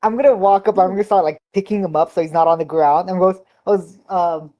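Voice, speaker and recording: A woman's voice: lowish voice, mellow. A woman playing a tabletop game, eagerly describing her actions and speaking in character. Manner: eager, quick, talks in and out of character. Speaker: player. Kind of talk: tabletop role-play.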